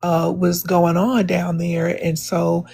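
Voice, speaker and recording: A woman makes her case in a live online debate. Her voice is gravelly and husky and sits fairly low. She speaks earnestly, with plenty of "um"s and restarts. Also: level tone, slow, a little mellow. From Chicago, USA. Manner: earnest, many fillers and restarts. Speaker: debate participant.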